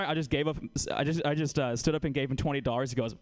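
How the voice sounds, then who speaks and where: A man's voice: mid-range voice, steady tone, fast talker, few pauses, a little mellow. A man performing a stand-up comedy set on a club stage, ironic and conversational, often asking the crowd questions.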